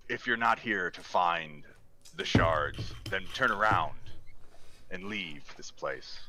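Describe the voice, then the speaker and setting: A man running a tabletop game as game master, halting and restarting often. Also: sits low, expressive, bright, forceful tone, slight background noise. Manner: hesitant, halting, many restarts.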